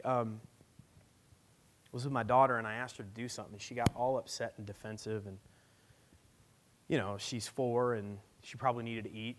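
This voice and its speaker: A man in his thirties, a pastor giving a conversational, emphatic sermon with personal stories. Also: fairly low pitch.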